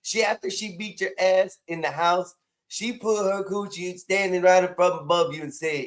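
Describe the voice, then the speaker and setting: A man's voice: high voice, fairly even intonation, normal speed. A man hosting an online stream call, teasing his guest and recapping the story with a laugh. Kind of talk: casual chat.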